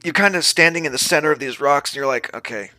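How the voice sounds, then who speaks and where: A man's voice: on the high side, quick pace, pushed and bright, dry recording. A man narrating a tabletop game as game master, laughing easily and restarting his sentences.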